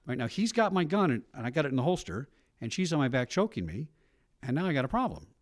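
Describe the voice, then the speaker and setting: A middle-aged man, a retired police officer, telling stories in a documentary interview with brisk asides. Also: mid-range voice, very animated, no echo, clean studio sound. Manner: brisk storytelling with frequent asides.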